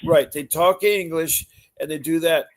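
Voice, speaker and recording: A man's voice: on the high side, normal speed. A man hosting a call-in advice show, asking folksy questions and steering the conversation. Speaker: talk show host.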